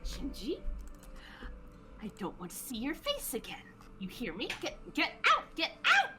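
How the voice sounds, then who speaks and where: A woman's voice: very high voice, big pitch swings, measured pace, music in the background, voice pushed up, heavily acted. A woman voicing an exasperated female fox-spirit innkeeper who scolds sharply. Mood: angry.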